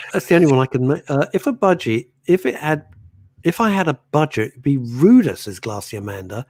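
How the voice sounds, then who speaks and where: A man co-hosts a radio chat show into a studio microphone, reading out listener messages with theatrical flair and frequent laughter. His voice is husky, and his pitch swings widely. The sound is close and dry. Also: normal speed, no room sound. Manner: animated, theatrical, laughs often. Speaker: radio co-host.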